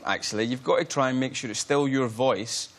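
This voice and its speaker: Scottish man, mid-pitched voice, chatty, self-deprecating, talk show guest. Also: a little fast. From Scotland. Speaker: guest actor. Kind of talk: casual talk show chat.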